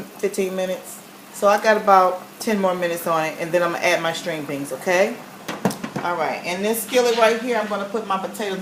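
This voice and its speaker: A woman giving a casual home cooking demonstration, chatty and folksy, often checking in with "okay?". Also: mid-range voice. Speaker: home cook showing a recipe. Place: home kitchen. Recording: echoey kitchen with faint noise.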